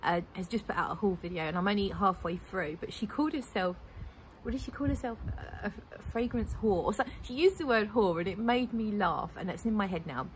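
A woman's voice: medium pitch, fairly quick, a little hiss or hum, rough recording. A woman, chatting casually and enthusiastically as a fragrance vlogger, rambling a little as she goes. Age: 40s. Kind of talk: casual chat.

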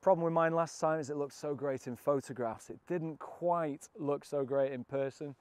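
A British man with a fairly high voice guides viewers around a classic car auction. He gushes over each car with cheeky asides and quick jokes, sounding thrilled by everything he sees. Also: darkish tone, clear, resonant tone, no room sound. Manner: enthusiastic, cheeky and jokey. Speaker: car vlogger. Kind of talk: walkaround presenting.

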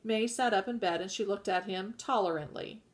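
A woman reading a novel aloud in a measured way, sometimes correcting herself mid-sentence. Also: mid-range voice. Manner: measured, occasional self-corrections. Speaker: audiobook reader.

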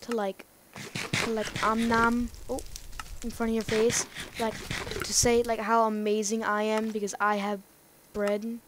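A woman rambling through casual gameplay commentary, talking excitedly to herself and to the game's characters. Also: medium pitch, moderate pace, background noise. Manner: rambling, excitable self-talk to the game. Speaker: let's play gamer.

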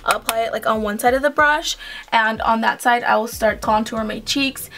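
Chatty young woman with a high voice. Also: moderate pace, bright, forceful tone. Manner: chatty, rambling, uses "like" and "um" often. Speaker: beauty vlogger. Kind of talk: casual makeup tutorial. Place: home.

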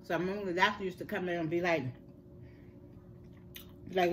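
An older woman, telling a personal story in casual chat, animated and repeating words for emphasis. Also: lowish voice, brisk, slight background noise. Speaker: host.

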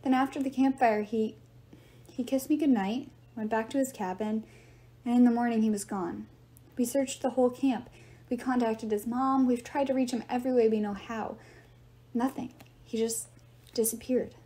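A woman's voice: a little high, steady tone, moderate pace, dark tone, natural voice. A woman reading aloud, voicing a weary teenage girl who explains things in a subdued tone. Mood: sad. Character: weary, worried teen girl, calm and explaining. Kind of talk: audiobook reading.

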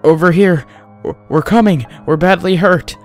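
A man voicing a panicked, badly hurt young woman who shouts and pleads in a horror story reading. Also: high voice, moderate pace, faint music behind, pitched above the performer's own voice. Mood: screaming for help.

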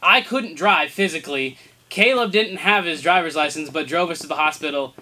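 Host: young man, bright, slightly high voice, animated storyteller. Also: moderate pace. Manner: animated, laughing, tumbling over his words. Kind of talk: casual storytelling to camera.

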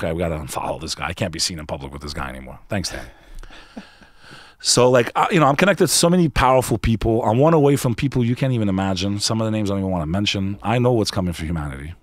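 A man's voice: on the low side, no room sound, studio quality. A man guest on a podcast, telling a personal story in an emphatic, earnest, casual way, often saying "bro". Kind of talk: candid conversational storytelling.

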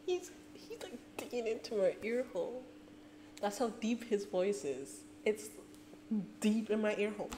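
A woman hosting a reaction video, gushing and excitable in casual commentary, often talking to herself. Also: mid-range voice, moderate pace, a little hiss or hum. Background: faint music playing.

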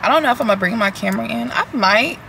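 A young woman talks straight to her camera from a tripod in her car as she drives through traffic. Her voice has a gravelly edge, and she chats in a loose, slightly nervous way. Loud road noise rumbles underneath. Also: expressive, rapid-fire. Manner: chatty, nervous, laughing asides. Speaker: vlogger. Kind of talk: casual car vlog chat.

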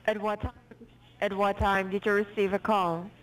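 A woman's voice: medium pitch, level tone, normal speed, far from the mic, rough recording. A woman working a scam call center, reciting a formal script to callers. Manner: formal scripted, turns to insults. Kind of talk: scripted phone scam pitch.

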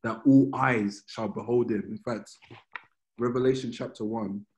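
A man's voice: medium pitch, fairly even intonation, a little slow, vocal fry, a little hiss or hum, low-quality recording. A man giving a conversational sermon, telling stories and reading scripture in an informal manner that often restarts phrases. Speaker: preacher.

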